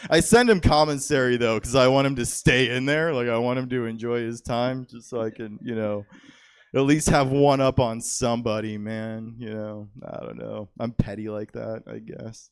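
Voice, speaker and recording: A man's voice: mid-range voice, fairly even intonation, moderate pace, clear, resonant tone. A man hosting a stand-up comedy show on a club stage, laid-back and self-deprecating, saying "man" and "dude" a lot.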